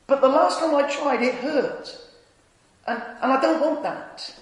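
A middle-aged male preacher with a light voice that never deepened, telling homely stories with self-deprecating humour. His sermon rings around a large hall with long, echoing reverb. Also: moderate pace. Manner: anecdotal and self-deprecating, quiet and tender in the lines of Jesus. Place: church hall.

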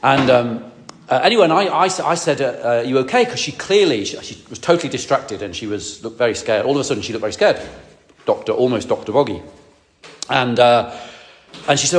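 A man's voice: medium pitch, lively intonation, brisk. A male priest preaching to a congregation, telling a personal story with many restarts and asides. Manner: rambling, self-correcting storyteller with asides to the congregation.

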